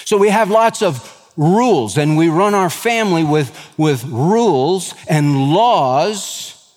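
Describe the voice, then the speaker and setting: A man's voice: a little high, animated, takes it slowly, darkish tone, in a large hall. A man preaching a sermon as pastor, reading scripture aloud and explaining it with folksy, everyday asides.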